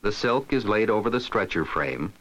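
Narrating an instructional film, a man with a fairly low voice speaks in a scripted, methodical way, his pitch rising and falling lively as he walks through each step. The pace is moderate and the high frequencies are cut off.

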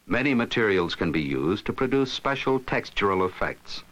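Man narrating a lively how-to lesson. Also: fairly low pitch, moderate pace, highs cut off. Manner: steady, instructive, step-by-step. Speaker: instructional film narrator. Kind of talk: scripted narration.

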